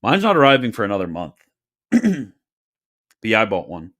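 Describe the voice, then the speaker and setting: A man's voice: fairly low pitch, huge pitch swings, moderate pace, a bit bright. A man casually hosting a livestream Q&A, reading viewer questions with wry, joking asides and frequent laughter.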